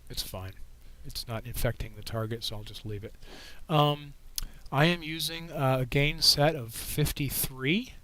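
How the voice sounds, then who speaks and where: A man hosting a casual livestream with a frog in his throat. He talks in a relaxed, rambling way and answers viewers' questions with a microphone right at his mouth. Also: mid-range voice, measured pace, rough recording. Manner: relaxed, rambling, reading chat questions aloud. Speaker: astronomy livestream host. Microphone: microphone held right in front of his mouth.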